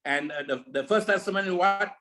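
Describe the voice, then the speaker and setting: A man's voice: sits high, brisk, sharp tone, low-quality recording. A man leading a network marketing meeting over a video call, giving a preachy motivational talk full of repeated rhetorical questions.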